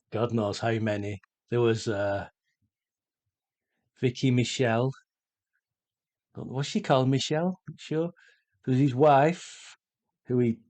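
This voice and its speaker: A middle-aged man chatting casually while he paints, slow and rambling with many pauses. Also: mid-range voice, a little mellow, no room sound. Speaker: art vlogger.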